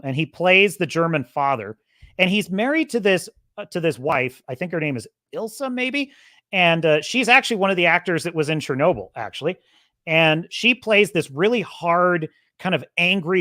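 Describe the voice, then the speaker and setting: A man's voice: on the high side, bright, forceful tone, no echo, studio quality. A man hosting his own podcast, talking in an emphatic, rambling way with many restarts. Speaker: podcast host. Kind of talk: casual opinion monologue.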